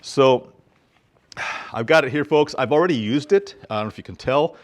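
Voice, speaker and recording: A man's voice: medium pitch, normal speed. A middle-aged man talking casually to his viewers in a folksy, rambling way, often calling them folks. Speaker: vlogger. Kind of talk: casual vlog monologue.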